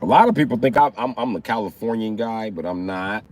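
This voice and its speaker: Low-voiced man ranting loosely on a livestream. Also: expressive, brisk, darkish tone. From Chicago area, USA. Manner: profane, rambling, streetwise banter with viewers. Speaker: livestream host. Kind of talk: casual livestream chat.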